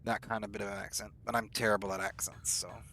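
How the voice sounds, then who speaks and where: A man's voice: fairly low pitch, level tone, fast talker, pushed and bright, a little hiss or hum. A man, streaming a game and chatting in a rambling, easygoing way. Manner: rambling and chatty, lots of fillers. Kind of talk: casual chat while gaming.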